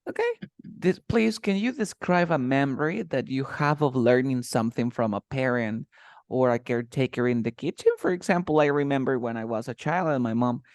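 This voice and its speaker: A man's voice: medium pitch, no room sound. Patient male English teacher, dry sound. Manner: patient, repeats words slowly for pronunciation. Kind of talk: conversational lesson, interview practice.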